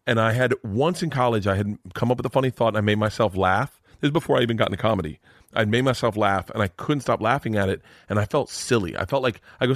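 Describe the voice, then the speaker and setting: Fast-talking low-voiced male comedian. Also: dry recording, clean studio sound. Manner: fast, animated storyteller acting out quoted voices. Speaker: stand-up comedian guest. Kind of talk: casual podcast storytelling.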